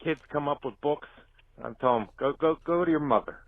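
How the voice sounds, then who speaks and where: A man's voice: fairly high pitch, a little fast, no room sound. A man leaving a blunt, profane voicemail for a podcast, chuckling through his story. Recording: tinny phone-line voicemail.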